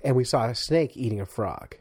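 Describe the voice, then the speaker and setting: A man co-hosting a podcast, telling stories in casual chat, animated and laughing often. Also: medium pitch, brisk, slightly rough, dry recording. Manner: animated storyteller, laughs often, acts out sounds. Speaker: podcast co-host.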